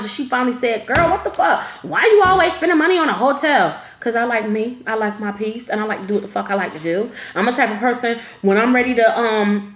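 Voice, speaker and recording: A woman's voice: fairly high pitch, echoey room, slight background noise. A woman telling a story to camera in a casual storytime vlog, blunt and profane, with lots of filler.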